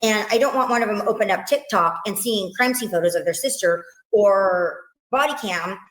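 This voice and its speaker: A woman, a victim's mother, recounting events in an emotional interview, halting with many restarts and quoting what others said. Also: medium pitch, reverberant, low-quality recording.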